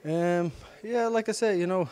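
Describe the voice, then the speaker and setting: A young man whose English carries a faint Irish lilt, though it is not his first language. He answers quietly and hesitantly, with many pauses and fillers, in a slightly higher voice, in a gym. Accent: slight Irish-tinged English. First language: Icelandic. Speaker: interviewed fighter. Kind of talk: casual interview answers. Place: sports gym.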